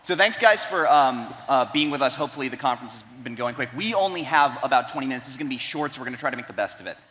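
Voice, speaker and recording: A man's voice: mid-range voice, lively intonation, rapid-fire, a bit bright, slight background noise. A man opening a panel as moderator, loose, chatty and self-deprecating. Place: large conference hall stage. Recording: long hall reverb with faint music.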